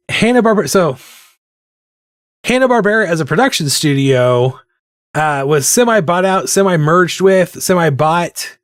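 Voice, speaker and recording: An artist livestreams as he draws, chatting loosely, wandering onto tangents, and cracking self-mocking jokes. His voice is high, and the studio recording is clean, with no room sound at all.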